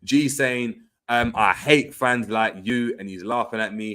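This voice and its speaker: A man's voice: medium pitch, measured pace, a bit bright. A man hosting a livestream in casual chat, reading viewer comments aloud and reacting, repeating phrases with slang. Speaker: livestream host.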